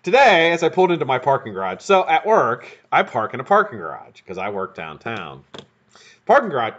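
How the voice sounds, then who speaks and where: A man's voice: medium pitch, huge pitch swings, a little fast, a bit bright. A man hosting a live stream, telling a rambling, profane story in a casual way. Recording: dull lo-fi stream audio.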